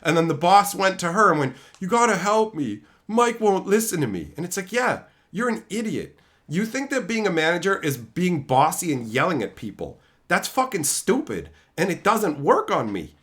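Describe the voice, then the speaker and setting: A man's voice: high voice, moderate pace. A man telling brash, profane stories in a casual stream chat. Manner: profane, brash, animated storytelling.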